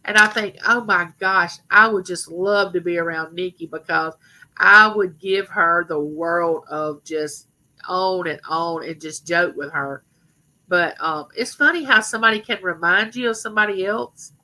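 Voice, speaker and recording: Middle-aged lady rambling on her live stream, rough but bright voice, talks right to the viewers. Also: on the low side, unhurried, rough recording. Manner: rambling, chatty, addresses viewers directly. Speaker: livestream host. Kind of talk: casual live stream chat.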